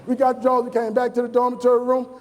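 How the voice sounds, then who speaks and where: A high-pitched man in his forties from New Orleans gives a motivational speech to college students. He tells personal stories and repeats key lines for emphasis. His voice rings out with a long echo through a large hall. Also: monotone, very fast. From New Orleans, USA. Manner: storytelling with emphatic repetition. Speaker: motivational speaker.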